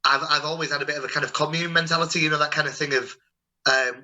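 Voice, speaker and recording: Bright-voiced man chatting. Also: a little high, fairly even intonation, quick pace, rough recording. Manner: chatty, rambling, warm storytelling with many restarts. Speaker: host. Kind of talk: casual video-call chat.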